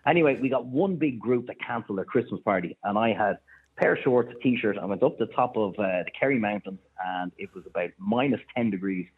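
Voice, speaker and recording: An Irish man, a chef and restaurateur, telling animated anecdotes in casual chat. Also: lowish voice, slightly rough. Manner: animated anecdotes, quick bursts of laughter. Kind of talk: casual storytelling on a phone-in. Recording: tinny phone line.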